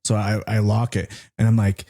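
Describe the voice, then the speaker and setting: A middle-aged man co-hosting a podcast, telling a story in an animated rant, swearing freely and jumping up high when he retells what others said. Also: normal speed, gravelly. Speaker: podcast co-host.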